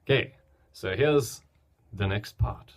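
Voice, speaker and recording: A man's voice: lowish voice, takes it slowly. A young man casually explaining beatboxing basics on camera, chatty and loose, often restarting his sentences. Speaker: beatbox teacher. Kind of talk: casual tutorial. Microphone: camera mic, filming himself.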